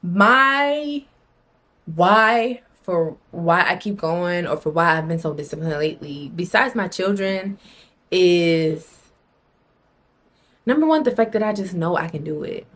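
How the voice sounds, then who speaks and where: Speaking to camera for her casual motivational vlog, this young adult woman has a lowish, slightly bright voice that's expressive yet measured in pace. Her delivery is blunt and emphatic, full of free swearing and phrases repeated for emphasis.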